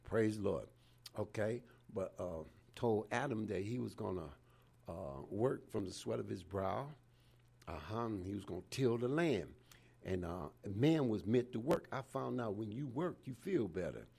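A man's voice: on the low side, expressive, a little slow, creaky, warm tone, husky. A man in his seventies preaching an informal sermon in a folksy way, dropping in "praise the Lord" again and again. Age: 70s.

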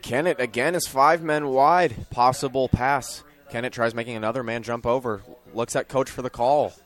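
A young man calling high school football play-by-play, his voice climbing sharply on big plays. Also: fairly even intonation, normal speed, a bit bright. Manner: rises sharply in pitch and volume on big plays. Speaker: play-by-play commentator.

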